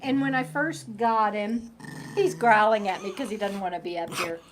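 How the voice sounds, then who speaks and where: A woman's voice: mid-range voice, moderate pace, slight background noise. A middle-aged woman chatting casually on a live stream, rambling and breaking off to talk to her dog. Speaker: vlogger reading live chat.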